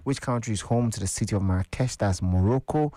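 Ghanaian male radio host running a phone-in quiz, lowish voice, dry close sound. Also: fast, dark tone, dry recording. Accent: Ghanaian English. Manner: casual, upbeat, chatty with callers.

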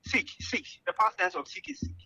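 A man calling into a radio quiz, answering in a hesitant, halting way. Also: sits high, sharp tone, slightly rough, no room sound. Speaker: quiz caller.

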